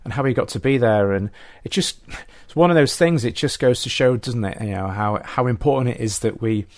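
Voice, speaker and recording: A man hosts a podcast, upbeat and encouraging as he chats casually with his guest and brings the show to a close. His voice is medium-pitched and brisk, captured in a dry, studio-quality recording.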